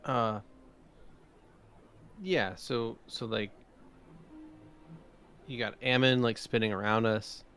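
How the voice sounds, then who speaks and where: A man's voice: medium pitch, steady tone, slow pace, long pauses, fairly bright tone. A young man in a tabletop game session, talking casually in character with lots of fillers. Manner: casual, filler-heavy, rambling. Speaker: player.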